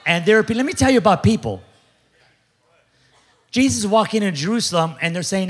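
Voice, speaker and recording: A man preaching a sermon as pastor before a large church, animated and jokey, acting out other people's voices. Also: sits high, moderate pace, long pauses.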